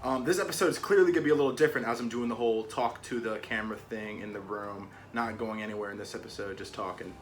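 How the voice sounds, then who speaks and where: A man's voice: fairly low pitch, fast talker, hardly any pauses, slight background noise. A young man vlogging to camera from a rented room, telling a story casually and acting out his own panicked lines. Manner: animated, acts out his own panicked quotes.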